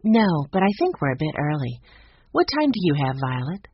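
A reader voicing a calm, sensible older sister in an audiobook, speaking gently. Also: mid-range voice, normal speed, slightly rough. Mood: gentle. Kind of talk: audiobook character voice. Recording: dull lo-fi audio.

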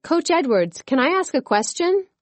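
A woman's voice: fairly high pitch, big pitch swings, normal speed, no room sound. A woman doing an eager sixth-grade girl. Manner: eager, bold.

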